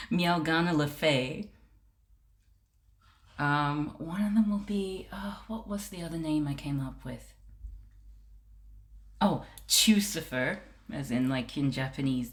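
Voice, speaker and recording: A woman streamer chatting casually on a live stream, often cooing at kittens in a high baby-talk voice and laughing often.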